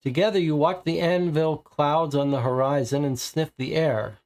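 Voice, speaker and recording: A man's voice: fairly high pitch, fairly even intonation, normal speed, a little mellow. A man streaming a solo board game, reading card text aloud and working through his options to himself. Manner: deliberating, muttering options to himself.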